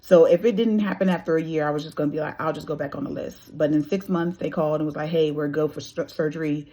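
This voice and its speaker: A woman's voice: deep voice, quick pace. A woman in her thirties telling her own story casually, acting out the voices of people she quotes. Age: 30s. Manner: animated, acts out quoted dialogue.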